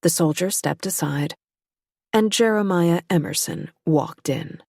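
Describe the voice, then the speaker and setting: Brief: woman audiobook narrator, low, husky, measured, dry close sound. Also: darkish tone, dry recording. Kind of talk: scripted narration.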